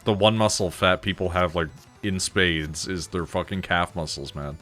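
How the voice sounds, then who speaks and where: A man's voice: low voice, normal speed, a bit bright, soft background music. A man chatting casually during a gaming stream, making blunt, dry asides. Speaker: streamer co-host. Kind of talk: casual chat while gaming.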